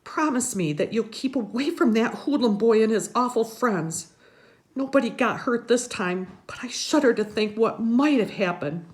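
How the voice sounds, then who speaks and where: A woman voicing a fussy, doting older grandmother who frets in a high, fluttery voice. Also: animated, normal speed, natural voice. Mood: fretful.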